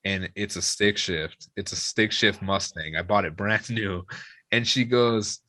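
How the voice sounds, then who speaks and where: Low-voiced young man telling a drunk story. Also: a little slow, dry recording. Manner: swearing, lively retelling with quoted voices. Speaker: guest musician.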